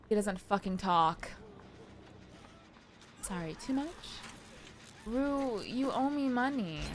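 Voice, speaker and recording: A young woman streaming a game, chatting casually and excitably with her chat and swearing freely. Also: medium pitch. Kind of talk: casual live-stream chat while gaming.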